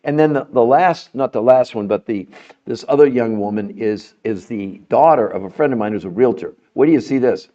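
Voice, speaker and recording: This middle-aged health podcast host has a medium-pitched voice and talks a little fast, heard through a muffled recording. Addressing viewers directly, he promotes his point emphatically and grows steadily more animated.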